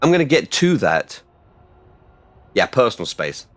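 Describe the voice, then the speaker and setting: A man streaming a game live, rambling casually and bursting out loudly when things go right. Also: mid-range voice, a little slow, a little hiss or hum. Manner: rambling and excitable, with loud outbursts. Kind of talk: casual live-stream chat while gaming.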